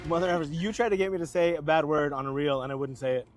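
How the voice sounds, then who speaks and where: A man's voice: on the high side, rapid-fire, soft background music. Jokey male podcast host. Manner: jokey, laughs a lot. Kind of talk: casual chat.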